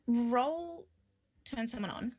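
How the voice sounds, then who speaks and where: Woman, game master, tabletop game, playful, laughs often, lively pitch, husky. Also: slow pace. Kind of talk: running a tabletop game, casual chat.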